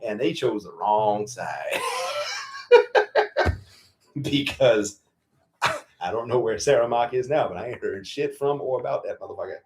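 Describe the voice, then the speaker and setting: Farmer host, blunt and profane, animated pitch, loose livestream chat. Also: male voice, measured pace, pauses often, slight background noise. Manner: profane, blunt storytelling with laughs. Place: farm in Virginia.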